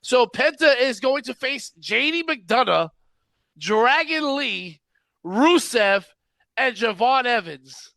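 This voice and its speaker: High, bright-voiced ranting man. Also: sing-song, takes it slowly, creaky, no room sound, clean studio sound. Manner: ranting, exasperated, laughs often. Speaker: podcast host. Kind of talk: casual wrestling chat.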